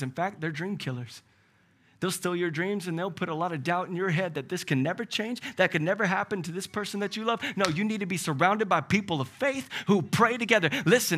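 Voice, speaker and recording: A male pastor preaching a sermon, emphatic and animated, asking rhetorical questions. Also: fairly high pitch.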